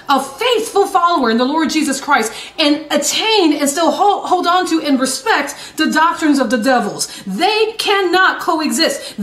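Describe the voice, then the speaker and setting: High-voiced woman evangelist preaching. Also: roomy sound. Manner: fervent, repeats phrases, stumbles and restarts, voice rises to shouts. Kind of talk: preaching sermon broadcast.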